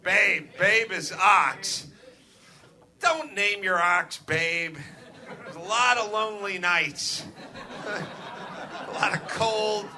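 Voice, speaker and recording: A middle-aged man hosting a live comedy podcast from a club stage, ranting with profanity and building to shouts. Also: high voice, takes it slowly, long pauses, some chatter behind. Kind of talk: live stand-up style rant.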